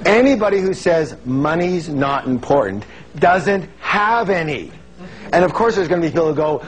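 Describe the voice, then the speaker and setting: A man giving a lively motivational seminar talk, calling on the audience to answer and acting out the voices he quotes. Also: on the high side, moderate pace, poor audio. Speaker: seminar speaker. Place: large seminar hall with an audience.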